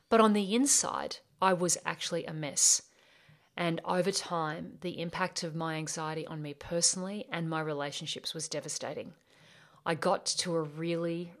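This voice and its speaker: An Australian woman with a slightly low voice, introducing her podcast as host and life coach. Her delivery is earnest and upbeat, with a motivational lift.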